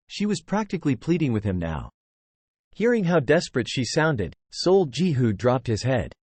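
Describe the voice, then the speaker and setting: A man's voice: medium pitch, very animated, moderate pace, a little mellow, breathy edge, dry recording. A synthetic male voice narrating a novel as scripted narration, reading punctuation marks aloud. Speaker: audiobook narrator.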